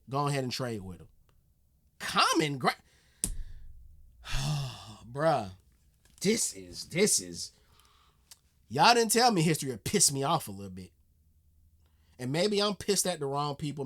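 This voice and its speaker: Brief: American male reaction host, animated and exasperated, slangy, swings from low mutters to high outbursts. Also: measured pace, pauses often. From United States. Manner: animated, exasperated, repeats himself, swears, says "bruh" a lot. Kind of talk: casual reaction commentary.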